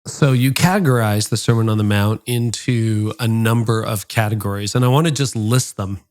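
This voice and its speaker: A man hosting a leadership podcast, interviewing a guest in an animated conversational way. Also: lowish voice, normal speed. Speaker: podcast host.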